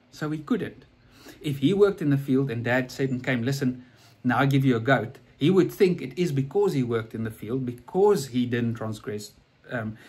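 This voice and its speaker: Male preacher, earnest conversational storyteller, slightly husky voice, mid pitch. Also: darkish tone. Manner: earnest, repeats and restarts words.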